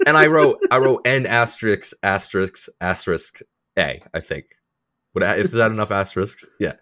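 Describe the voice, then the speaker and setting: A man's voice: on the low side, moderate pace, dry recording, studio quality. A married man co-hosting a podcast, chatting casually and joking, with frequent laughter. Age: adult, married. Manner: laughs often, animated and joking. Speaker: podcast co-host. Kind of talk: casual comedic chat.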